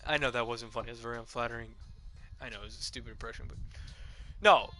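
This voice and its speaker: A man's voice: mid-range voice, rapid-fire, sharp tone, rough recording. A young man streaming a video game, chatting casually in a profane, rambling, digressive rant. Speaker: gaming streamer.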